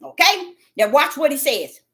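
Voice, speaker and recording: Fervent woman preaching, high and lively. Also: moderate pace. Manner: fervent, swings from shouting to hushed. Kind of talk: impassioned sermon.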